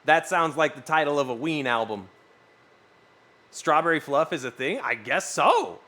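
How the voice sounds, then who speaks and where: A West Coast streamer reads his chat and talks casually with viewers, rambling through stories and swearing freely in an animated way. His voice is a little high, at a moderate pace.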